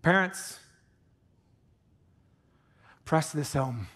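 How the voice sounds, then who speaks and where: Animated, high-pitched male preacher. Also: extremely slow. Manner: animated preaching, drops to hushed intensity for emphasis; jokey asides with put-on accents. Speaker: pastor. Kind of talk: sermon. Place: church sanctuary.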